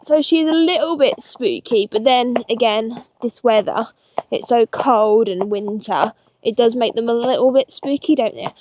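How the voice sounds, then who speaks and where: Chatty high-voiced woman at the yard. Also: moderate pace, a little mellow. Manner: chatty, nervous and giggly while riding. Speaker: pony owner vlogging her yard. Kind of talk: casual vlog chat. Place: outdoor yard and riding pen.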